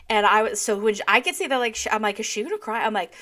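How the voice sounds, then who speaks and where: A young adult woman co-hosting a podcast, telling a story in a casual, profane, animated way and acting out the dialogue. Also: medium pitch, brisk. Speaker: podcast co-host. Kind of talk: casual chat.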